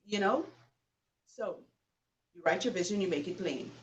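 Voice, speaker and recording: A woman host delivering a motivational talk, emphatic and preachy, often asking the listener questions. Her voice sits at a middle pitch and sounds a little away from the mic. A faint noise runs underneath. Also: animated, normal speed, far from the mic, low-quality recording.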